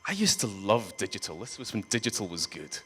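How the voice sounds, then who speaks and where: A man's voice: on the low side, very animated, fairly quick, bright, forceful tone. A man with a Scottish accent giving a humorous conference talk, joking and teasing the audience bluntly. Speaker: conference speaker. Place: conference hall stage.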